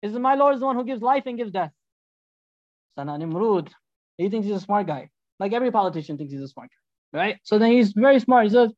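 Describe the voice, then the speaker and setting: A man giving a storytelling sermon as a religious teacher, animated and acting out the dialogues. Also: high voice, fast talker, no echo, highs cut off.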